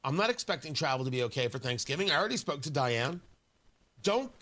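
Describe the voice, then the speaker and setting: A male talk radio host on a studio mic, his pitch sitting high and swinging widely as he argues. He sounds bright and sharp, pressing each point with combative emphasis and repeating lines for effect. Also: sing-song, fast. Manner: combative and emphatic, with hammering repetition. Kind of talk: opinionated talk radio monologue.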